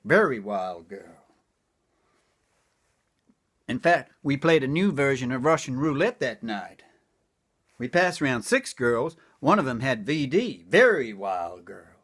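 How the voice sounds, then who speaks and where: A man's voice: medium pitch, animated, normal speed, fairly bright tone. An older man doing stand-up comedy, delivering one-liners in a folksy old-timer patter and repeating his punchlines.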